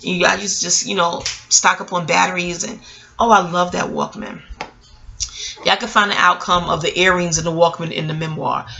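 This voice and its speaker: A middle-aged woman tells a story straight to the camera, animated and salty. Her voice has a gravelly, fry-laden edge. The tone is bright and forceful. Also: lowish voice, moderate pace, poor audio. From New York City. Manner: animated, profane, talks straight to viewers. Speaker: vlogger and memoir author. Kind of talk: casual storytelling monologue.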